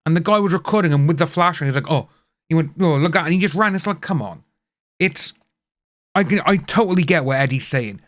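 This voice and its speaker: A man's voice: a little high, animated, fast, a bit bright, no room sound. Chatty British man commenting. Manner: chatty, rambling, acts out quotes. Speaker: reaction video host. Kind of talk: casual commentary.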